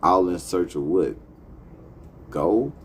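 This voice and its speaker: A man's voice: low-pitched, animated, takes it slowly, a little hiss or hum. A man hosting a talk show, delivering a profane, impassioned monologue. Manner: profane, heated, emphatic. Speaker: podcast host.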